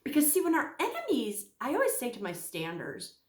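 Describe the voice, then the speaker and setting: Animated woman teaching in an echoey room. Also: high voice, a little fast. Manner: animated, acts out quoted voices. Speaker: Bible teacher. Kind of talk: casual Bible teaching talk.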